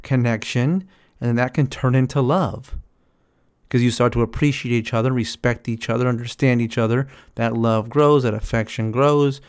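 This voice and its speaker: Guy ranting about love n relationships, keeps repeating, pops into higher voices for quotes. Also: darkish tone. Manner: repetitive, emphatic, acts out quotes in a higher voice. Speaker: relationship commentator. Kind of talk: casual monologue on relationships.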